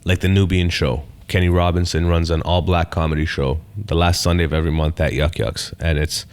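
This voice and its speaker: A man, a stand-up comedian telling stories in a casual podcast chat, swearing freely and talking with animated energy. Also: deep voice, a little fast, clear, resonant tone. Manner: profane, storytelling, animated.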